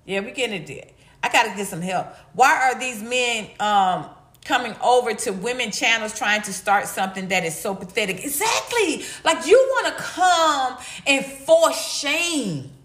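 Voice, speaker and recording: A woman's voice: fairly high pitch, lively intonation, normal speed, fairly bright tone. A middle-aged woman hosting a livestream, chatting casually and reading chat comments in a slangy, blunt, laughing way. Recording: echoey room.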